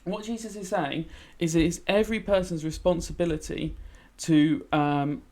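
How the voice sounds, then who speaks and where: A teacher plays a game while running a relaxed revision lesson, talking at a normal speed in a voice that sits a touch high. He sounds a little tired, yawns now and then, and keeps checking in with "okay?" as he chats and types, keys clacking in the background.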